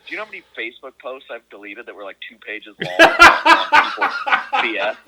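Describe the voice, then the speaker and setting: A man's voice: fairly high pitch, huge pitch swings, brisk, gravelly, sharp tone, slightly rough. A man talking as a podcast guest over a phone call, in rambling casual chat full of restarts and self-mocking laughs.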